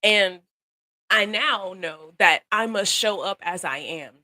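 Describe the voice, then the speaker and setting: A young woman hosting a casual live stream, talking on her phone and greeting viewers by name. She speaks in an animated, encouraging way, laughs often and repeats phrases for emphasis. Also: medium pitch, slow pace, no room sound. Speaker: livestream host.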